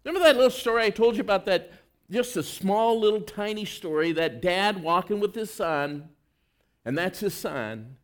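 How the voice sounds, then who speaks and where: A male preacher with a notably high voice gives an earnest, conversational sermon at a moderate pace with lively intonation. He pushes hard on emphatic lines, then drops into soft, low stretches.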